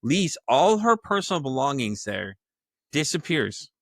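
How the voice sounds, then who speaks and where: Profane, animated man telling a story. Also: mid-range voice, measured pace, dry recording, clean studio sound. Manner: animated, profane, acts out the people in his story; laughs often. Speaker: podcast guest. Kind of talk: casual storytelling.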